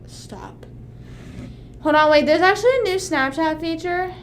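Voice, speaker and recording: A woman in her twenties chatting casually on a livestream, rambling and animated, with frequent swearing. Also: very high voice, fairly quick, a little hiss or hum. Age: 20s. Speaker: streamer.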